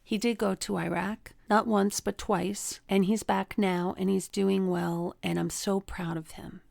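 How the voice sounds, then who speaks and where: A woman's voice: medium pitch, level tone, measured pace, creaky, a little mellow, dry recording, clean studio sound. A middle-aged woman, host of a relationship coaching talk, teaching through personal stories and acting out the people she quotes. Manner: storytelling, acts out quoted people in a raised voice.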